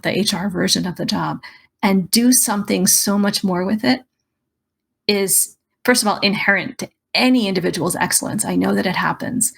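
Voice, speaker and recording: A woman's voice: mid-range voice, gravelly, husky. A woman career coach giving emphatic, persuasive advice in a podcast interview. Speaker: career coach and resume writer.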